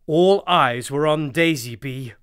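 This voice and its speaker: A narrator reading children's stories in an animated, expressive way. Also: medium pitch, slow pace, clean tone. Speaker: audiobook narrator.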